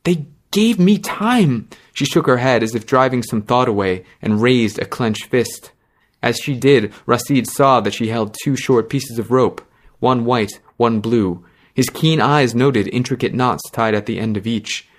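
A man narrating a fantasy story in a measured, dramatic reading. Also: mid-range voice.

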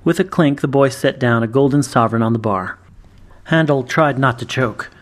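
A man narrating a fantasy story in a measured, even reading voice. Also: medium pitch. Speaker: story reader. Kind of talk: scripted narration.

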